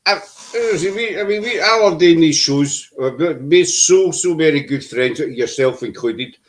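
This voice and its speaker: A man's voice: a little high, expressive, unhurried. A man hosting a casual paranormal chat show over a video call, with joking banter. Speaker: podcast host.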